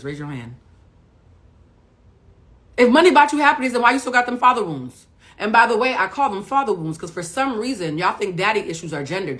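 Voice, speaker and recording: A woman's voice: lowish voice, fairly bright tone. A middle-aged woman coaching viewers on a live stream, blunt and profane, firing rhetorical questions like a preacher. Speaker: emotional intelligence coach.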